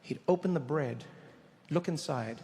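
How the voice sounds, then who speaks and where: High-voiced guy doing stand-up, acts out all the voices, echoey big theatre. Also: measured pace, a little mellow. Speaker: stand-up comedian. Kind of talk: stand-up storytelling. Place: large live theatre. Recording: echoey hall with faint crowd noise.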